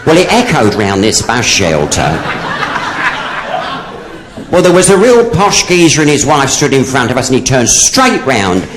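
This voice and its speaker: A man's voice: medium pitch, huge pitch swings, a little slow, long pauses, noisy background. A man doing stand-up as a drag comedian, telling gossipy camp stories and switching voices for the punchlines.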